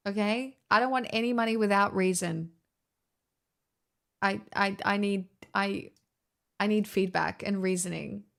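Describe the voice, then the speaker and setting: A woman's voice: medium pitch, measured pace, vocal fry, long pauses, fairly bright tone. An Australian woman chatting casually on a livestream, rambling and swearing freely as she reacts to chat.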